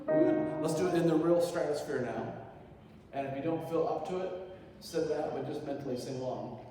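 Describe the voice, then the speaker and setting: A man's voice: on the high side, moderate pace. A man leading a choir rehearsal in a hall, encouraging and joking with the singers as he gives instructions. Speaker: choir director. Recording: echoey hall from far off, loud piano.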